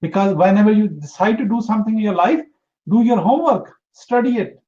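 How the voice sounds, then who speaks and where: Earnest high-voiced man giving advice. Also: animated, brisk, mellow, dull audio. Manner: earnest, emphatic, repeats for emphasis. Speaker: interview guest, entrepreneur. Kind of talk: motivational interview talk.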